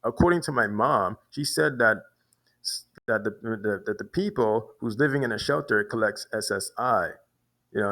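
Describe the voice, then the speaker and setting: A man's voice: fairly low pitch, a bit bright. A man telling a long personal story in a rambling way, restarting and repeating words often. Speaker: vlogger. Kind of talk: casual storytelling monologue.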